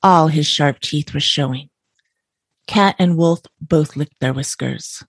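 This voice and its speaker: A woman reading a bedtime story aloud in a calm, even way, close to the mic. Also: low voice, takes it slowly, husky, no echo.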